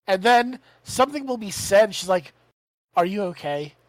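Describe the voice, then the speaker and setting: A podcast co-host in casual chat, talking in a halting, laid-back way and reading out a listener's email. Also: mid-range voice, lively intonation, dry recording, rough recording.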